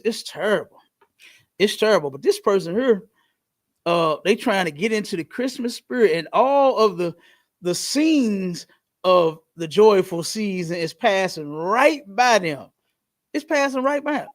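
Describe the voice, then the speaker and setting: High-voiced man hosting a podcast. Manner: slangy, animated storytelling. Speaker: podcast host. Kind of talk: casual podcast talk.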